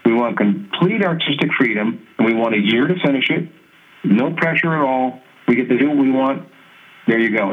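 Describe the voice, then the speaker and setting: A male guest musician tells his stories with animation, slipping into other people's voices as he quotes them. He laughs easily, and his voice sits at a medium pitch. The sound is thin and phone-like. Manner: animated storyteller who mimics others' voices and laughs often. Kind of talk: conversational storytelling in an interview. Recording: tinny phone-like line.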